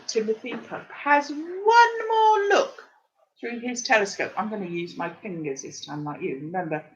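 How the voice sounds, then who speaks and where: A woman reads a picture book to small children in a high, bright voice. She takes it slowly, gasps often and turns to her young listeners with questions. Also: muffled recording, slight background noise. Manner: animated, gasping, speaking straight to the children. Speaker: preschool teacher reading a picture book. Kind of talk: storytime reading to small children. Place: at home.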